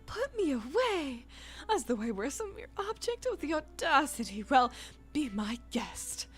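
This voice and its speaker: Woman doing a snooty talking spellbook guy, high and huffy, all grand and offended, video game. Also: sing-song, unhurried, soft background music. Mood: indignant. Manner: indignant, grandiose, old-fashioned phrasing. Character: pompous haughty male magic talking book. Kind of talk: reading game dialogue aloud.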